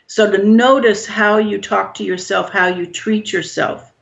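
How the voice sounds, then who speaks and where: A woman guest explaining emotional healing in a calm, measured, gently instructive way. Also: mid-range voice, gravelly. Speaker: guest expert on healing shame. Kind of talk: explanatory interview answers. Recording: dull lo-fi audio.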